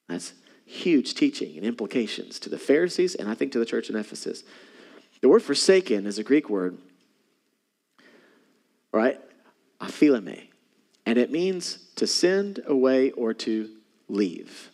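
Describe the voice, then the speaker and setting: Male pastor, sermon, lively pitch swings, hushed to emphatic, echoing church hall. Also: a little slow, pauses often.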